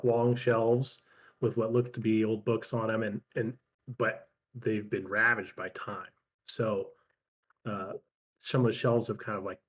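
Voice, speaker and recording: A man's voice: lowish voice, highs cut off. A man narrating a tabletop game as game master, rambling with many fillers.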